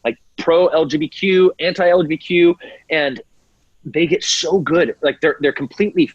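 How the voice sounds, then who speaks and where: A middle-aged American man talks with fire and mimics other voices to mock them. His voice is husky and sits a little high. The sound is dry and slightly muffled. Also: no echo. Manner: animated, acts out quoted voices mockingly. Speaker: podcast guest. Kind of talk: impassioned interview talk.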